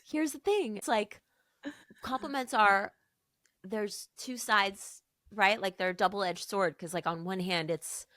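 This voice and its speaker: Her storytelling is animated as she voices the people she quotes, delivered in a mid-range voice at an unhurried pace. She's a podcast co-host chatting casually, and the recording is dry with studio quality.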